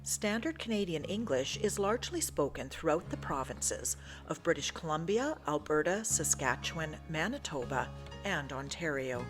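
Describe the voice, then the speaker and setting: A woman's voice: deep voice, sing-song, moderate pace. A woman hosting the channel, giving a careful, explanatory scripted narration. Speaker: channel host. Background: music.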